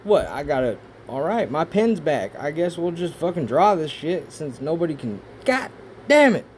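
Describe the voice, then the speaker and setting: A man rambling through pictures in casual commentary, swearing often and breaking into excitable outbursts between rambling asides. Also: on the high side, moderate pace, a little hiss or hum. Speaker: video creator. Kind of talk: casual conspiracy commentary over images.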